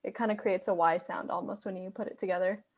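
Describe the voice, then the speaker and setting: A woman's voice: mid-range voice, fairly even intonation, fast. A young woman co-teaching a casual online Spanish lesson over a video call, explaining carefully and checking in with "right?". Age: young adult. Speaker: student Spanish tutor.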